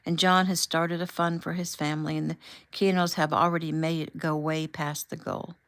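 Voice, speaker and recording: A woman reading the lines of a tender, reassuring husband in a gentle, soothing way. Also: low-pitched, level tone, normal speed, no echo.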